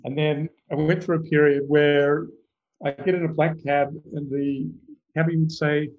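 A man with an Australian accent, a guest in an interview, telling stories in a relaxed, measured way. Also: a little high, narrow, tinny audio. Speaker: guest, company CEO. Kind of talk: casual interview chat.

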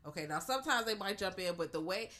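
A woman in casual movie talk who is blunt and profane and laughs a lot. Her voice sits at an ordinary pitch with a bright, sharp tone. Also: animated, quick pace. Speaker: podcast co-host. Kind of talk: casual movie review chat.

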